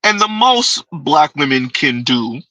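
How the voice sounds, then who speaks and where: Man, commentary host, blunt and joking, slow drawl, sharp bright tone. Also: fairly high pitch, sing-song, no room sound, far from the mic, poor audio. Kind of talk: late-night commentary.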